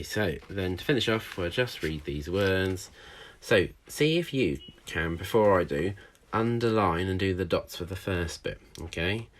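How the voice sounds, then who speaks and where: A male primary school teacher giving a recorded handwriting and phonics lesson, encouraging and sounding out letters slowly for young children. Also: deep voice.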